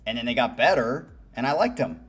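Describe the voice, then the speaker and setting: A man's voice: medium pitch, lively intonation, brisk, a bit bright, breathy edge. A man hosting a music reaction channel, giving candid, musing commentary and swearing casually.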